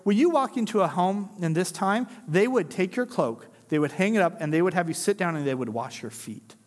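A man preaching a sermon in a lively, conversational way, joking with the congregation and acting out quotes. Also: sits high, fairly quick, long reverb tail. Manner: animated, conversational preaching with jokes and acted-out quotes. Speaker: pastor.

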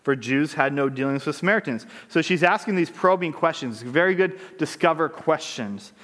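A man's voice: on the high side, expressive, normal speed, a bit bright. A man preaching a sermon, reading scripture aloud and then unpacking it with conversational asides and rhetorical questions. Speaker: pastor. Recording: long hall reverb.

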